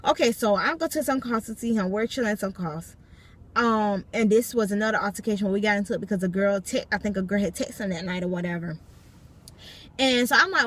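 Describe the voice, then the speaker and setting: A young adult woman recounts a personal story for a storytime vlog from a parked car, speaking emphatically and repeatedly addressing her viewers directly. Her voice is medium-pitched and fairly bright, with a quick pace.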